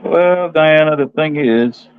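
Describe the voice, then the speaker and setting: A calm, matter-of-fact man speaking as a guest on a call. His audio is dull and muffled. The sound is dry, with no room around it. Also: a little high, slow pace, clean tone, no echo. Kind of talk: casual chat on a video call.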